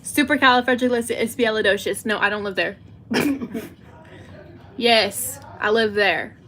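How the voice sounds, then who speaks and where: A woman's voice: a little high, unhurried, a bit bright. A teenage girl with a Southern US accent, chatting and giggling to her livestream chat. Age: teens. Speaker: livestream host.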